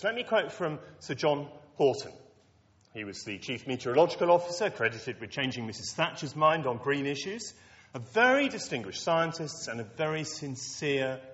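Preacher with wry asides. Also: male voice, a little high, big pitch swings, moderate pace. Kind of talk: lecture-style sermon to students. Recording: dull lo-fi recording in a reverberant hall.

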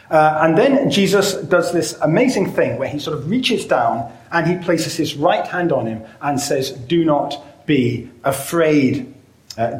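A man preaching a sermon in a measured way, often pausing on "uh" and slowing down to stress key phrases. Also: fairly high pitch, darkish tone, echoey room, poor audio. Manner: measured, with frequent "uh" fillers and slowed emphatic phrases.

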